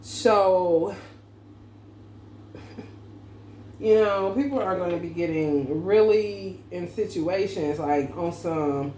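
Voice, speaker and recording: Slow and laughing, a slangy woman who is an adult parent delivers a loose, profane tarot reading monologue. Her pitch is fairly low and her tone dark. Faint background noise and echo fill the room.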